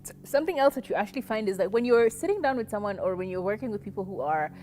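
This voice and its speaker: A woman from Kenya co-hosting a casual podcast chat, animated, often acting out other people's voices and laughing. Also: mid-range voice, very fast, a little hiss or hum. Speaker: podcast co-host.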